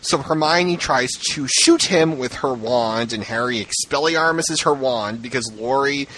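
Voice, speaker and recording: Bright animated man ranting. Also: a little slow, low-quality recording. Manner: animated ranting, acts out quotes in high voices. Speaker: podcast co-host. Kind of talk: casual chat.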